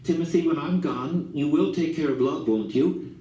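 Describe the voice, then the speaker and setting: A man's voice: on the high side, moderate pace, mellow, pitched above the performer's own voice, close to an everyday voice. A man doing a weak, tearful sick mother. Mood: pleading. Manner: pleading, tearful. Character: sick mother, young woman, pleading and weak. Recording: roomy, distant mic, faint background noise.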